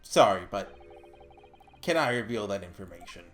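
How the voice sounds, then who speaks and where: A player putting on a gruff Scottish prison governor. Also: expressive, a bit bright, faint music behind. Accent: attempted Scottish. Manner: slow, low, halting put-on brogue. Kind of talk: reading game dialogue aloud.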